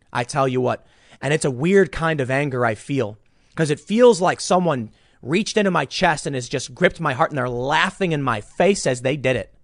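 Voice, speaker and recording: A man's voice: medium pitch, no room sound, clean studio sound. An American man giving emphatic, indignant political commentary, often repeating his words. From United States. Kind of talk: opinion commentary.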